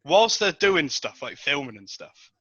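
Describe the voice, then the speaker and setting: A man's voice: a little high, sing-song, measured pace, sharp tone, no echo. A man on a podcast, telling a rambling anecdote with lots of ums and restarts. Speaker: podcast regular telling a story. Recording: dull lo-fi dry sound.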